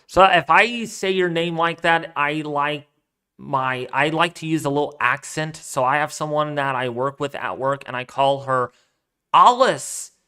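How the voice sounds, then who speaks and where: A man talks his way through a casual weather live stream, rambling and thinking out loud as he answers viewers. His voice sits a little on the high side and comes through smooth and clear. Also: steady tone, normal speed. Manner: chatty and rambling, thinking aloud. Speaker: weather livestream host. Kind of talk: casual live-stream chat reading donations.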